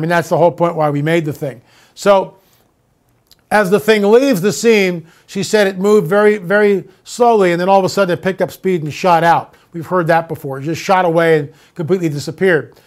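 A man hosting his own show, ranting with indignant repeated questions and then slowly building a story. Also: sits high. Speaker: show host. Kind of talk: monologue to viewers.

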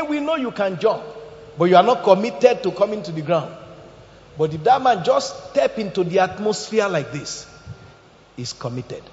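A male preacher with a high, lively voice that swoops up and down as he tells stories and quizzes his congregation. His sermon echoes through a large hall with a long reverb, and the sound is slightly dull. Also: moderate pace. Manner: animated storytelling, asks the congregation questions.

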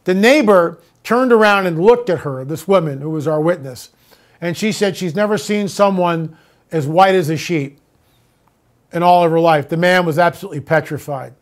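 A man hosting his own show, talking straight to viewers in an animated way, moving between sarcastic ranting and storytelling. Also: a little high, moderate pace. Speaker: show host. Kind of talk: monologue to viewers.

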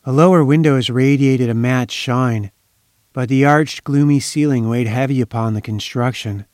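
A man reading a story aloud in a measured, solemn narration. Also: medium pitch, darkish tone, no echo, clean studio sound.

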